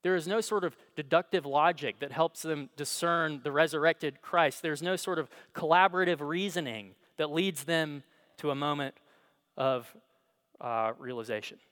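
Guy preaching in church, bit higher voice, tells the story quiet then punchy. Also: normal speed, clean tone. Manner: storytelling, dramatic swings between hushed and emphatic. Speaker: pastor. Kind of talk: sermon.

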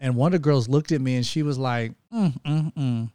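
A man's voice: medium pitch, fast talker, no echo. A young man from Georgia, telling his story as a guest in a casual faith-based chat, acting out the people he quotes. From Georgia, USA. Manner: animated, acts out quoted people.

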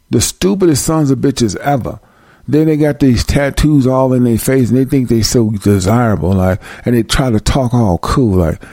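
A man hosting a talk show, ranting in a loud, profane, mocking comedic style. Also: fairly low pitch, no room sound. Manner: loud, profane, mocking, uses preacher-like call-outs. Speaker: show host.

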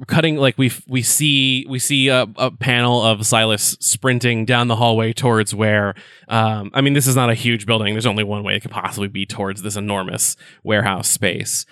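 A man narrating a tabletop game as game master, describing scenes in a halting way with lots of fillers. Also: on the low side, fairly even intonation, a bit bright, clean tone, no echo.

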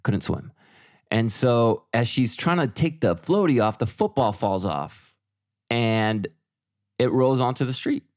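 A man's voice: medium pitch, expressive, measured pace, darkish tone, no room sound, clean studio sound. A middle-aged man co-hosting a podcast, telling a story in casual chat and quoting himself and his wife. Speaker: podcast co-host.

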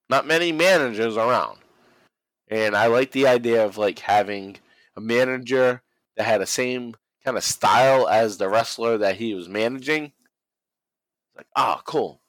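A man's voice: mid-range voice, a bit bright, no room sound, poor audio. A man hosting a casual podcast chat, telling a story with lots of swearing and laughter. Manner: mimics people he quotes. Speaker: podcast host. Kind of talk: casual chat recapping wrestling.

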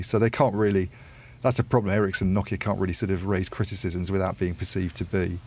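Deep, gravelly man, flat delivery. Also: fast. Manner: thoughtful, rambling with many asides. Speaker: podcast panelist. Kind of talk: casual analytical discussion.

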